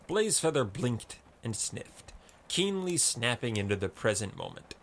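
Slow, gravelly storytelling man. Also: mid-range voice, slight background noise. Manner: slow, expressive reading. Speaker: narrator. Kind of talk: storybook narration.

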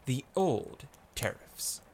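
A man voicing a calm female merchant who speaks low and evenly. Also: slow pace, slight background noise, natural voice. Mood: dry. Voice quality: low, even voice.

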